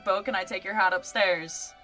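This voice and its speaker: Excitable woman player. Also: medium pitch, moderate pace, faint music behind, rough recording. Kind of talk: casual game banter.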